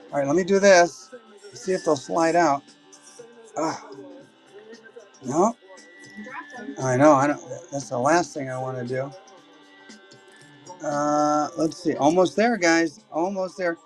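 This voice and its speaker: Man hosting a live coin auction, excitable and gushing, slightly high voice, soft music underneath. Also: takes it slowly, pauses often. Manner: excited, exclaiming over coins. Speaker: livestream auction host.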